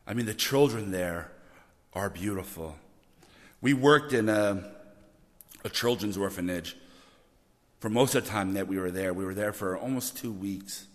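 A man preaching a sermon, animated and often repeating words as he builds to loud emphasis. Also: on the low side, unhurried, pauses often. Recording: long reverb of a church hall.

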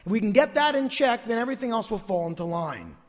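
High-voiced tired pastor preaching. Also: male voice, sing-song, quick pace, big-room sound. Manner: emphatic preaching, repeats key phrases. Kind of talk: sermon.

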